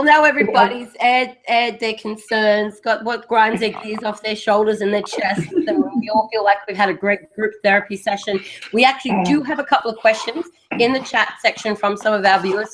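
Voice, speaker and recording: A woman's voice: medium pitch, a little fast, a little hiss or hum. An Australian woman hosting a podcast, chatting casually and ranting with playful indignation. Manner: animated, mock-indignant ranting. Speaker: podcast host. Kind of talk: casual chat.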